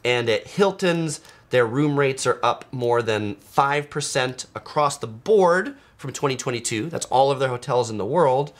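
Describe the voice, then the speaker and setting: A chatty male host on a travel livestream, keeping an easygoing, conversational tone. His voice sits at an ordinary middle pitch, and he drops in plenty of "uh" fillers as he riffs on viewer comments. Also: unhurried. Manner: chatty and relaxed, with frequent "uh" fillers. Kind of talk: casual livestream chat reading viewer comments.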